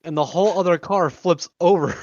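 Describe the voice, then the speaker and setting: A man chatting with his tabletop group, telling stories with animated retellings and jokes. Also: high-pitched, normal speed, lo-fi sound, a little hiss or hum. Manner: animated storyteller, tells jokes in a mock voice. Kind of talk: casual chat among tabletop players.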